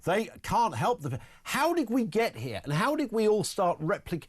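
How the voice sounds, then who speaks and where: A man's voice: high-pitched, sing-song, moderate pace. A man hosting a talk radio show, chatty and blunt, often sounding incredulous.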